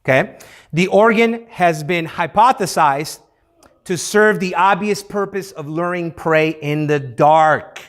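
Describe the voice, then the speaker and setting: A man's voice: a little high, takes it slowly. A man leading youth group teaching in a playful, interactive way, having the room repeat key words.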